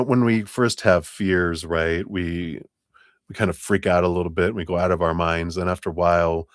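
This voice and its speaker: A man's voice: sits low, dry recording, studio quality. A man giving live tarot readings in a chatty, rambling way, often laughing between thoughts. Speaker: tarot reader.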